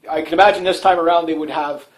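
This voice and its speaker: A man from Canada hosts a one-man talk show and delivers a loose political commentary monologue. He rambles, restarts his sentences and fills them with "uh" and "you know", and often chuckles at his own remarks. His speaking voice sits somewhat higher than most men's. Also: fairly even intonation, fast talker, poor audio. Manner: rambling, many fillers and restarts, frequent chuckles.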